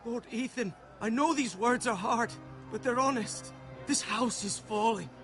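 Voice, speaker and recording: A desperate deserter begs for his life in a strikingly high, sharp voice. He sounds bitter and pleading. Faint music plays under the game audio. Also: unhurried, exaggerated voice. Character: desperate male soldier accused of theft.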